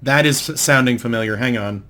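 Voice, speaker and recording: A man's voice: mid-range voice, fairly quick, bright, forceful tone. Patient, explaining man. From New England, United States. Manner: explains patiently, with many fillers and restarts. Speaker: podcast host. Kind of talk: casual podcast chat.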